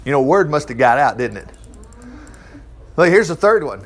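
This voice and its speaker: Folksy, animated male Bible teacher. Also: a little high, normal speed, slight background noise. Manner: folksy, chuckling asides while reading scripture. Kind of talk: informal Bible study teaching.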